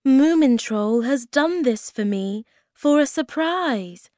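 Woman playing a kind storybook mother creature, soft, lilting, unhurried, dry. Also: high voice, dry recording, pitched above the performer's own voice. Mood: delighted. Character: Moomin Mama, gentle calm motherly creature.

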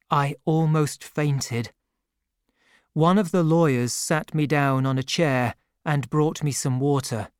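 A man reading a simplified classic novel aloud as a narrator, slow and careful, giving the characters light voices. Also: medium pitch, clean tone, dry recording, clean studio sound. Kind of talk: scripted audiobook narration.

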